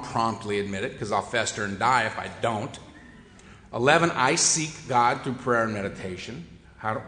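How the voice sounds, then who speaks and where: A man shares a humorous personal recovery story with an audience, wry, self-mocking and conversational. His mid-range voice is bright and forceful, with echoey hall reverb around it.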